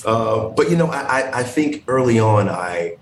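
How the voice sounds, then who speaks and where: Guy from indiana on a video call, low voice, kinda halting and reflective, roomy echo, bit of hiss. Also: expressive. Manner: reflective, hesitant, many restarts. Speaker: guest. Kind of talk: casual interview. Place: living room in the hills. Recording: echoey room over video call.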